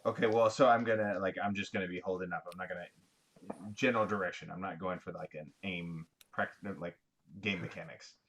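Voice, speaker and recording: A man's voice: low-pitched, fairly even intonation, a little fast, fairly bright tone, highs cut off. A man playing a tabletop role-playing game, describing his character's moves in a rambling, hesitant way. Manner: rambling, hesitant, lots of fillers. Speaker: player. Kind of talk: casual tabletop play.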